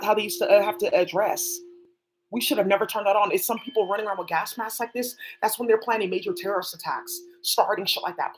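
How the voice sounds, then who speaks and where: A woman's voice: medium pitch, slight background noise, rough recording. A woman talking alone on a livestream, rambling and swearing as she jumps from one topic to the next. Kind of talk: rambling solo livestream talk.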